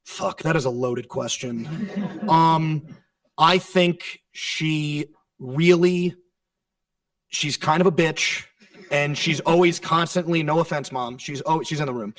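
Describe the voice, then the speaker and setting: Brash, sarcastic champion type, male, slightly high voice; dry, distant press-room pickup. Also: moderate pace, fairly bright tone, dry recording. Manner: brash, profane, sarcastic bragging. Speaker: wrestling champion at a press conference. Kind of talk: press conference answers. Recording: dry sound from a distant mic.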